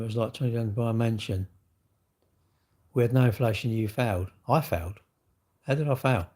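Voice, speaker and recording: A middle-aged man hosts a livestream alone, launching into a casual, blunt rant packed with swearing and rhetorical questions. His voice is mid-range and a little mellow.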